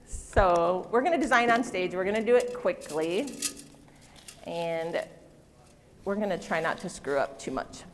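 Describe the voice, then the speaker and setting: A woman's voice: on the low side, a little slow, a little hiss or hum. A middle-aged woman giving a live floral design demonstration on stage, chatty and self-deprecating, joking with her audience. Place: stage in a large convention hall. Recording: long hall reverb.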